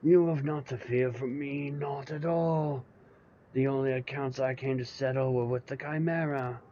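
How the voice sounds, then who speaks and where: A man voicing a calm, self-assured older gentleman, reading game dialogue in a low, measured, courtly way. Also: muffled recording, natural voice.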